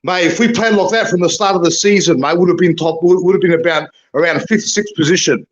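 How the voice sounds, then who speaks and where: A blokey Australian man with a high voice talks footy as a fan guest over a dull, lo-fi line. He stumbles over his words and keeps calling people mate and bro. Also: quick pace. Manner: blokey, stammering, says mate and bro constantly. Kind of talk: casual footy chat.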